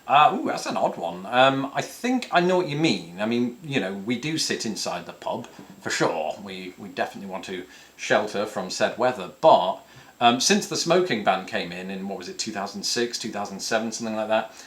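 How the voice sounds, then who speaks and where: This YouTube host, a man from northern England, chats casually at home beside his cat while fielding viewer questions. He rambles, pokes fun at himself, and often restarts or uses fillers, speaking at normal speed in a lowish, fairly bright voice with lively intonation.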